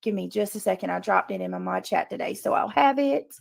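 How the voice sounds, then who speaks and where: A woman's voice: mid-range voice, fairly quick, gravelly, no echo. A woman hosting a casual livestream, talking earnestly to her chat and repeating her points for emphasis. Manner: talks to chat while reading comments. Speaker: livestream host. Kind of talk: casual live commentary.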